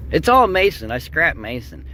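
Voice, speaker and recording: A man's voice: a little high, sing-song, moderate pace, pushed and bright. A man rambling casually and mumbling as he drives and picks through curbside scrap. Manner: rambling, self-deprecating, mumbly. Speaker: scrapper vlogger. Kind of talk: casual narration while driving and scrapping. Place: outdoors and in a vehicle, city streets. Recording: noisy outdoor street recording.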